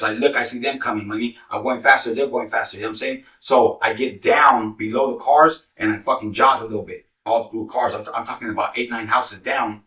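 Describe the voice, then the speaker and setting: A former gang member tells raw, profane war stories from the street, rambling rapidly in heavy slang, swearing constantly and saying "you know what I'm saying" over and over. His mid-range voice is bright and forceful, recorded off mic and far away in an echoey room.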